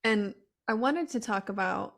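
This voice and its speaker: Woman podcast host, mid-pitched, relaxed, conversational, agreeing. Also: unhurried, vocal fry. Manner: relaxed, agreeing, sharing her own experience. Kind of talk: conversational interview chat.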